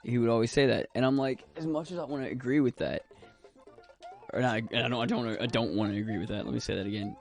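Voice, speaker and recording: A man's voice: mid-range voice, fast talker, vocal fry, soft background music. A young man streaming a video game, chatting casually and rambling, swearing freely. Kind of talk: casual gaming stream chat.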